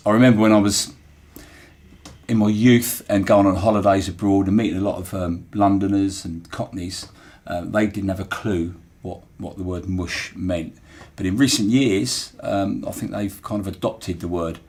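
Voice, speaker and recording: A man with a Portsmouth accent speaks in a somewhat low voice. He talks in a relaxed, thoughtful podcast style and often circles back with fillers and restarts. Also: moderate pace. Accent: Portsmouth English. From Portsmouth, England. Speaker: interviewee, former dockyard worker. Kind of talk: reflective podcast storytelling.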